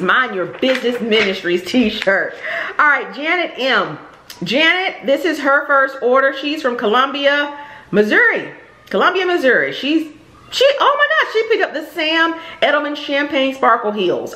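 A woman's voice: high-pitched, very animated, moderate pace, pushed and bright, reverberant. A middle-aged woman chatting casually in a haul vlog, thanking shop customers and describing clothes, with plenty of ums and repeated words. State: out of breath. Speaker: vlogger and shop owner. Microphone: camera or phone nearby.

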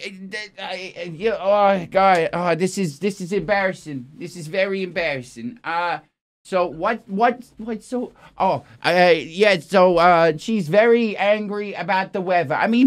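A man's voice: sits high, a bit bright. Swearing, exasperated comic newsman. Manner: profane, exasperated, rambling and self-interrupting. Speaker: comedy news anchor. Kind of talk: improvised comic news parody.

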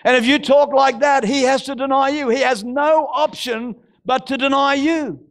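A male pastor, preaching a fervent sermon that bursts into shouting. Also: very high voice, fairly even intonation, moderate pace. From Australia.

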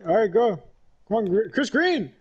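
A man's voice: high-pitched, very animated, normal speed, a little mellow, husky, dull audio. A young man in casual gaming chat, exclaiming and cheering his teammates on. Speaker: gamer. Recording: game crowd noise behind.

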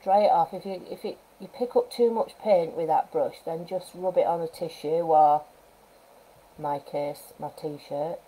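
Woman art teacher, live painting demo, chatty and gentle, warm low voice. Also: a little slow, slight background noise, rough recording. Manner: chatty, thinks aloud while working; gentle coaching asides. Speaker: wildlife artist teaching painting. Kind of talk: live painting demonstration, casual talk. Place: art studio at home, live stream.

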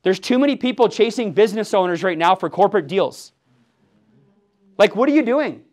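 Fired-up man in his forties, high voice. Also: expressive, a little fast. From Milwaukee, USA. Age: 40s. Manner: fired-up, punchy, quizzes the room with "yes or yes?". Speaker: sales team trainer. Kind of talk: motivational team training talk.

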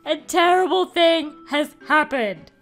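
A woman's voice: high voice, lively intonation, slow, fairly bright tone, soft background music, voice pushed up, heavily acted. A woman acts out an anxious young man for a video game. He pleads in a raised, worried voice. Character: worried young man who lost his cat.

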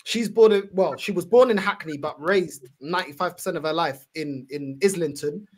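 A young man hosting a casual fan chat, easygoing and full of slang. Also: on the high side. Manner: fast, easygoing London slang, says bro a lot. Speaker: channel host.

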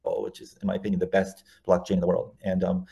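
A man's voice: low-pitched, flat delivery, quick pace, vocal fry, warm tone. A man, a guest on an interview show, telling long anecdotes casually, often restarting and correcting himself mid-sentence. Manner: rambling, self-correcting anecdotes.

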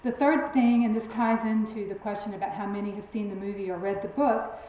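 A woman with a twang giving a public lecture in a lively, emphatic, friendly storytelling way. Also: medium pitch, fairly quick, highs cut off, slight background noise. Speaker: guest lecturer. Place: large lecture hall. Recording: very echoey hall recording.

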